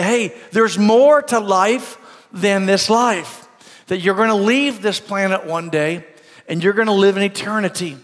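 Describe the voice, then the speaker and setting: A man's voice: sits high, a bit bright, big-room sound. A man with an American accent preaching a sermon as pastor, telling a story earnestly with repeated phrases. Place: church sanctuary.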